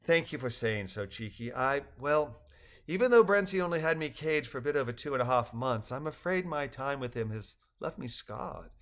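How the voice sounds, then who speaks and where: A man's voice: mid-range voice, lively intonation, normal speed, a bit bright. An older man voicing a polite, sensitive balloon creature that speaks formally and courteously in a read-aloud story. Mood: gently formal.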